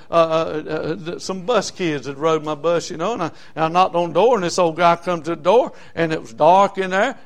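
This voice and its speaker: A man preaching a fervent sermon. His voice sits high for a man, and he stumbles through fillers and repeats phrases as he drives his points home. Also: fairly bright tone. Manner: fervent, repetitive, many fillers.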